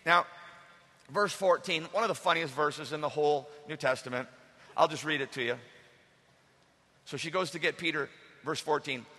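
A male pastor preaching a lively sermon, acting out the story and drawing the congregation in. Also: a little high, moderate pace, long pauses. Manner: animated, acts out the story with the congregation. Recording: echoey hall.

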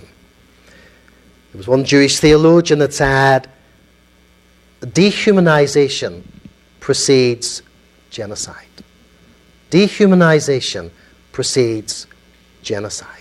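A man with a Belfast accent, a minister giving a public lecture, telling stories in an earnest, measured way and pausing on key words. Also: medium pitch, low-quality recording.

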